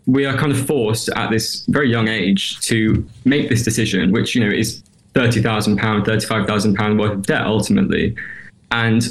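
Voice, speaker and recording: A man's voice: on the low side, steady tone, normal speed. A young British man in his twenties, a graduating student, speaking as an interview guest in an earnest, hesitant way with many fillers. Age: 20s.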